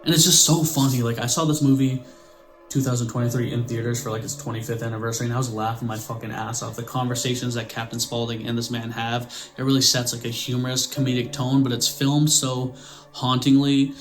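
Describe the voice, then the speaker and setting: Twenties guy hosting a horror vlog: amped-up, foul-mouthed chatter at an average pitch over quiet background music. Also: a little fast. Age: 20s. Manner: excitable, swears freely, lots of "like". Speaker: horror channel host. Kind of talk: casual movie review vlog.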